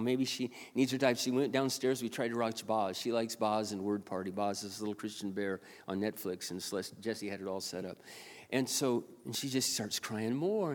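A man in his sixties, a pastor, telling a personal story in a rambling sermon with many restarts. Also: mid-range voice. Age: 60s. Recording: long hall reverb.

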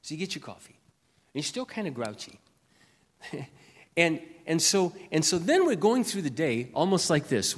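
Impassioned older preacher in a reverberant hall. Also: male voice, fairly high pitch, very animated, moderate pace, long pauses. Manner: impassioned, swings from hushed to loud. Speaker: pastor. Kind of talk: sermon.

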